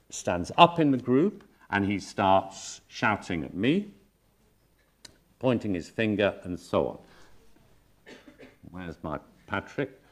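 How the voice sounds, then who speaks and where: A man, a psychotherapist, giving a conference lecture and acting out the voices of patients and colleagues. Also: on the low side. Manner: animated, acts out patients and colleagues in quoted voices.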